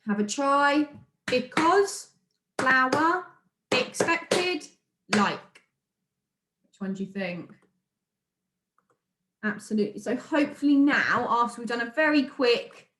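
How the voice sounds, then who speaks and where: A woman's fairly high, slightly bright voice carries a British accent through an echoey room. Recording a remote lesson as a primary school teacher, she sounds out words for young learners in an encouraging way.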